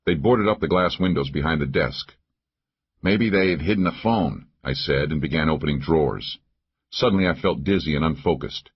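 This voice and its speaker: A man narrating a first-person thriller audiobook in a steady, measured way. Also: a bass voice, slightly rough, highs cut off.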